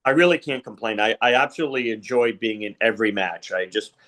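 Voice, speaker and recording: Fast and fairly bright, this lowish voice belongs to a middle-aged wrestling referee. As a podcast guest in a casual interview, he rambles through stories with many fillers and recreated conversations.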